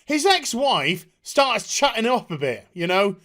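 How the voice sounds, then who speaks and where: A video reviewer ranting through a TV episode review, sarcastic and profane, exasperated, sometimes shouting and mocking characters in put-on voices. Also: medium pitch, big pitch swings, measured pace. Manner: shouts at times.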